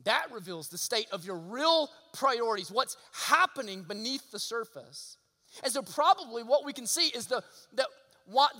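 A man's voice: very high-pitched, sharp tone. A man preaching a sermon as pastor, earnest and direct, often asking the listeners rhetorical questions. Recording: long hall reverb.

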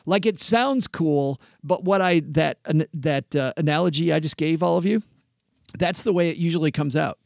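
Middle-aged guy, ex financial planner, gravelly voice a bit high, dry close sound. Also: moderate pace, no echo. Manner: animated storyteller, acts out clients. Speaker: podcast host, former financial planner. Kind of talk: casual chat.

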